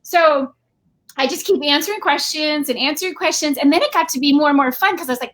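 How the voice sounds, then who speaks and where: High-voiced woman, animated storytelling, video call guest, acts out voices. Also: fast. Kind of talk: storytelling in casual chat.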